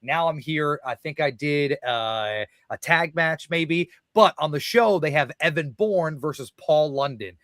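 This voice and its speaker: A wrestler tells backstage stories in a loose, profane podcast chat. His voice sits a touch high and he laughs as he goes. The sound is dry and close. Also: animated, unhurried, hardly any pauses, fairly bright tone, no echo. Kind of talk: casual podcast storytelling.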